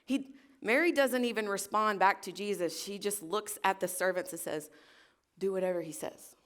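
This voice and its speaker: A woman's voice: medium pitch, moderate pace, a bit bright. A woman preaching a casual, conversational sermon in a church service. She is chatty and self-deprecating and keeps asking the congregation questions.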